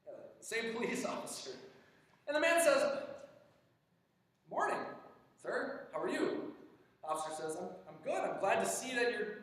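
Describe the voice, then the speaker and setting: A man preaching a sermon, telling a story in an animated way and acting out the dialogue with frequent restarts. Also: sits high. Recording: echoey church hall, distant mic.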